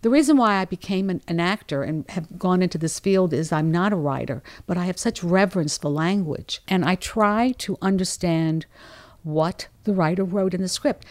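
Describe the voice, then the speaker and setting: A woman with a New Orleans accent, a dialect coach, talking in a lively, animated way in an interview. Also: fairly low pitch, normal speed. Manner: lively, talkative, animated storytelling.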